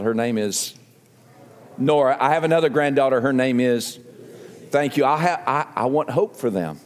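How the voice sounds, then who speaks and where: A man's voice: medium pitch, moderate pace, long reverb tail. An older man with a Southern accent preaching a sermon as a pastor, earnest and emphatic, repeating phrases as he builds to appeals. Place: church sanctuary.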